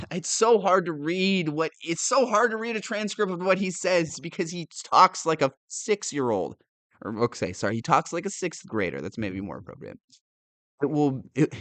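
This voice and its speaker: A man who reads news aloud and adds sarcastic, animated commentary, laughing often. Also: fairly high pitch, dry recording. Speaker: political commentator.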